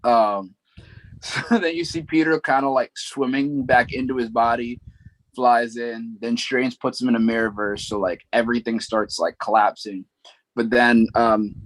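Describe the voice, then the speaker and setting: The recording is rough but echo-free, featuring a man with a fairly low voice co-hosting a podcast. In casual conversation he wanders through a plot recap, filling it with verbal fillers and asides.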